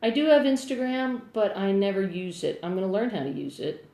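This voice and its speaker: A woman's voice: medium pitch, very animated, fairly quick, mellow. A middle-aged woman with a New Jersey accent, chatting casually as she answers viewers on a phone live stream. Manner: chatty, rambling, upbeat. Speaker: singer-songwriter live-streaming. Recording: roomy echo on a phone mic.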